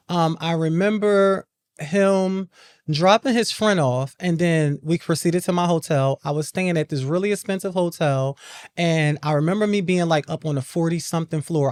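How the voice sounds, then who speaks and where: A woman's voice: low-pitched, darkish tone, dry recording. Woman, podcast host, casual storytelling, repeats "I remember", dry dead room. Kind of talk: personal storytelling monologue.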